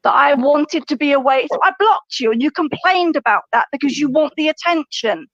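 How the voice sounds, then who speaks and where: Confrontational woman on a panel, high voice, dull lo-fi stream audio, dry and close. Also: expressive, fairly quick, fairly bright tone, no echo. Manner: confrontational, scolding. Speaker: panel speaker in a played clip. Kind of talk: heated argument.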